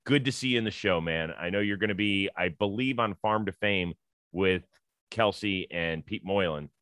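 A man hosting a sports talk show, chatty and emphatic, quick to joke. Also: sits low, fairly bright tone, no echo, studio quality.

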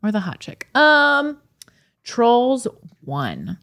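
A woman's voice: a little high, wildly swooping pitch, very slow, a bit bright. A woman co-hosting a podcast in casual chat, bubbly and laughing often. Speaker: podcast co-host.

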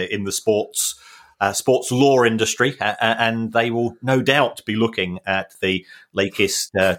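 A man's voice: lowish voice, fairly bright tone. A man co-hosting a podcast, explaining football club finances in a casual, hesitant way with many ums and restarts. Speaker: football finance expert and co-host.

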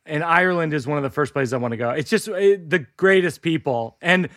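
Male podcast host with a high, dry-sounding voice, deadpan comic storyteller. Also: brisk, no echo. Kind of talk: comedic storytelling and ad read.

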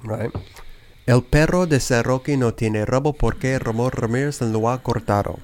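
A man's voice: medium pitch, normal speed, darkish tone, slight background noise. A man hosting a podcast, joking loosely and swearing casually. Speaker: podcast host.

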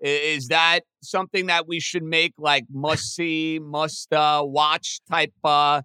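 A man hosting a sports podcast in casual, excitable talk. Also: takes it slowly, clean tone, dry recording. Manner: excitable, chatty, pitch jumps when animated.

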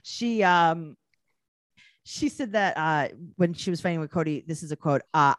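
A woman's voice: deep voice, lively intonation, moderate pace, no room sound. Teasing woman podcast co-host. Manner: playful, teasing. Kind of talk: casual podcast chat.

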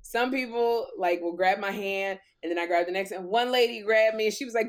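A middle-aged woman talk show host tells stories in a casual chat, lively and animated, slipping into the voices of the people she describes. She sounds slightly out of breath, and her voice sits at an ordinary middle pitch. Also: a little fast, few pauses. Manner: animated storyteller, acts out quoted voices.

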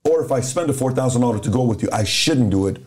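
A man's voice: mid-range voice, expressive, fast talker, darkish tone. A man on a podcast explaining things step by step in a direct, conversational way, counting off his points as he goes. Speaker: podcast host.

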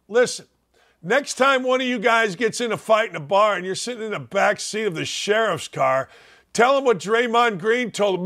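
A high-voiced older man ranting on a sports talk show. He mocks loudly and then sinks into slow, low asides to drive a point home. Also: expressive. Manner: loud, mocking, dips low and drawn out for emphasis. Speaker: radio sports host. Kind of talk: opinionated sports talk rant.

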